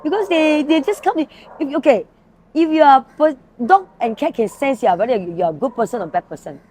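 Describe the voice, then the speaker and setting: Fast-talking Malaysian woman, rescue founder. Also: sits high, lively intonation, darkish tone, a little hiss or hum. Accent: Malaysian English. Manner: earnest, storytelling, speaks her mind. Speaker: animal rescue founder, guest. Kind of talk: casual interview chat.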